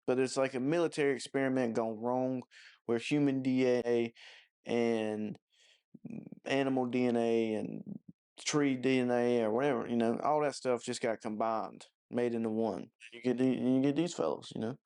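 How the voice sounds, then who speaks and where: A man's voice: mid-range voice, fairly even intonation, moderate pace, a little mellow, clean tone. Profane, mocking man ranting about a movie. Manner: profane, mocking, rambling with many fillers. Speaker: movie reviewer. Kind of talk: casual movie review rant.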